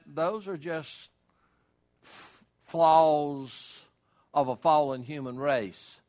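A man's voice: fairly high pitch, takes it slowly, fairly bright tone. An older man preaching a sermon as pastor, folksy and emphatic, asking rhetorical questions.

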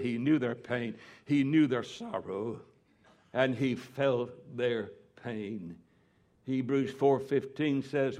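An older man preaches a fervent sermon as a pastor, his delivery swinging between quiet, slow lines and sudden loud, high-pitched cries.

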